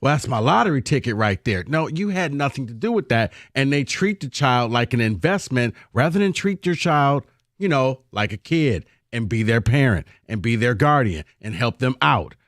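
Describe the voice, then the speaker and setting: A male sports radio co-host who lays out his views in a matter-of-fact, lecturing way. His voice sits at a middle pitch, heard close and dry. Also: lively intonation, moderate pace, a bit bright, dry recording.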